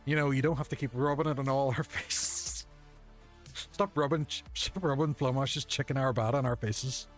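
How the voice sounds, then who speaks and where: A man streams a video game at home, talking casually in a mid-range voice with fairly even intonation at a normal pace. The chat is jokey and self-mocking, set against faint game music.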